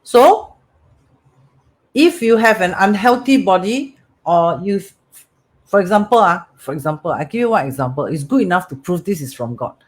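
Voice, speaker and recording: A man's voice: high voice, lively intonation, normal speed. A man with a Singaporean English accent giving a motivational talk as a metaphysics teacher, repeating phrases and often checking in with "right?" and "correct?".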